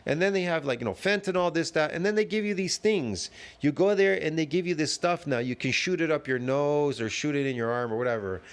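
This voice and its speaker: A man's voice: fairly high pitch, brisk, clear, resonant tone. Emphatic ranting man. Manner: emphatic, repetitive, rhetorical questions. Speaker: commentator reacting to a video. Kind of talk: ranting commentary.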